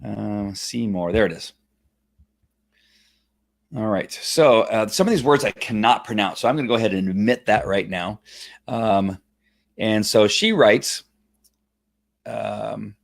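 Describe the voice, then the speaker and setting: A man hosting a casual live online show, talking in a halting, rambling way with lots of fillers and restarts, at times choked up while reading a viewer's story. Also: lowish voice, creaky. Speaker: host of a Facebook Live show. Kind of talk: casual live-stream talk, reading a testimonial aloud.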